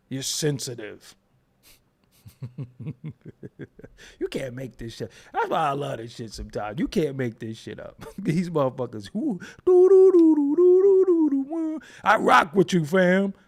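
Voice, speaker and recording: A man's voice: fairly high pitch, huge pitch swings, slow, long pauses, fairly bright tone, slightly rough. A man hosting a casual livestream, ranting at his chat in a profane, mocking way. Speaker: show host.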